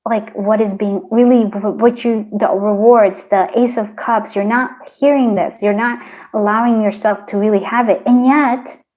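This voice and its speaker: A woman giving a pick-a-card tarot reading, talking in a gentle, encouraging way, rambling with many fillers and restarts. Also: mid-range voice, steady tone, moderate pace, poor audio. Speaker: tarot reader.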